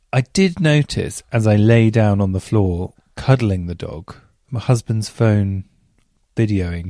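Mellow man telling chatty stories. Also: lowish voice, sing-song, normal speed, no room sound, clean studio sound. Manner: rambling, self-mocking asides and rhetorical questions. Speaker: podcast host. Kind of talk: casual chatty storytelling.

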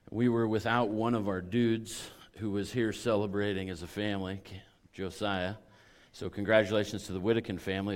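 A middle-aged man preaching a sermon with a hoarse, raspy voice, in a folksy, conversational way full of fillers. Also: fairly low pitch, background noise. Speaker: pastor.

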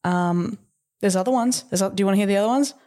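A woman's voice: mid-range voice, fast talker, mellow. A young woman on a casual podcast, bubbly and self-deprecating. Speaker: podcast co-host.

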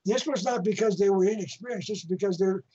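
A man's voice: high voice, fast talker, mellow, lo-fi sound. A male interview guest telling a long anecdote, rambling and often repeating and restarting his phrases. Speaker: guest speaker.

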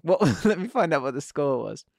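A man in his young adult years chats about football on a podcast with a fairly high voice. He sounds animated and exasperated and laughs often. The recording is dry and close, with no room echo. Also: moderate pace, vocal fry. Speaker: podcast co-host. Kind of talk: casual football chat.

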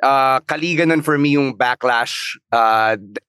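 A man with a Filipino accent co-hosting a podcast, an animated storyteller who switches between Tagalog and English. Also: medium pitch, unhurried, clean tone, no room sound. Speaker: podcast co-host. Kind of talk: casual podcast chat.

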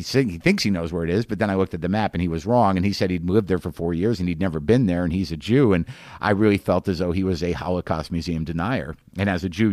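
Incredulous low-voiced man telling a story. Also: a little mellow, dry recording, studio quality. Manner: rambling, incredulous, quick restarts. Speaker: podcast host. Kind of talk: comic storytelling monologue.

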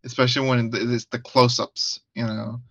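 A man's voice: medium pitch, level tone, normal speed, fairly bright tone, no echo, lo-fi sound. A man co-hosting a casual movie review podcast, hesitant and laughing often. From United States. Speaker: podcast co-host.

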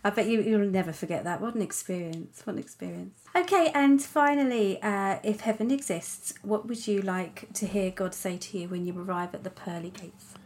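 A woman hosting an interview, warmly affirming her guest and asking questions. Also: mid-range voice, steady tone, normal speed, few pauses. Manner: enthusiastic, affirming. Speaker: podcast host.

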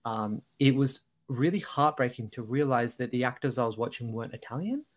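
A man's voice: mid-range voice, animated, a little fast. A man co-hosting a podcast, talking over a film in a hesitant, earnest way, with many ums and restarts. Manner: earnest, critical. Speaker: podcast co-host. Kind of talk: casual film review chat.

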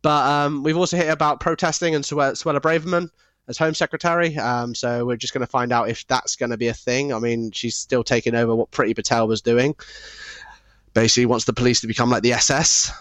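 A man's voice: mid-range voice, steady tone, brisk, a bit bright, no echo. A man co-hosting a casual podcast chat, swearing freely, saying "mate" constantly and laughing often. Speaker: podcast co-host.

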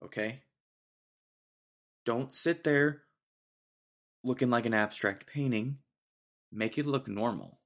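A man's voice: medium pitch, slow pace, long pauses. A young man hosting a casual solo podcast, ranting sarcastically and laughing often. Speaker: podcast host.

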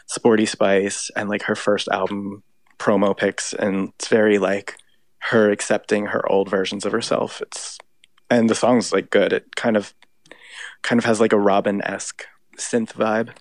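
A man's voice: fairly low pitch, flat delivery, unhurried, dry recording. A man co-hosting a casual pop culture podcast, chatty and full of "like" fillers. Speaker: podcast co-host. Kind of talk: casual chat about pop music.

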